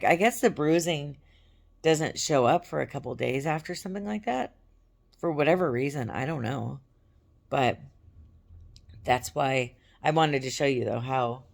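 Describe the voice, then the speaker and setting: Female vlogger, hoarse crackly voice, loose chatty delivery, home camera sound. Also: extremely low pitch. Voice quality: gravelly. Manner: chatty and rambling, with fillers. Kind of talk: casual chat to camera. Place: at home on a couch.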